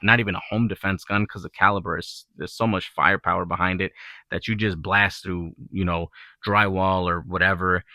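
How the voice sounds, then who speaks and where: Low, bright-voiced man reviewing gear. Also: dry recording. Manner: relaxed, rambling, filler-heavy. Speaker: gun channel host. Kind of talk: casual product review talk.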